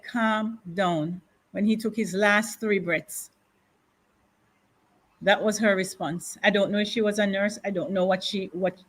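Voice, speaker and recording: A woman being interviewed, slowly and deliberately recounting a painful loss in grief. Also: on the high side, fairly bright tone. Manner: slow, grieving, deliberate retelling with repetition. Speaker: widow of a councillor, guest. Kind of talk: emotional interview testimony.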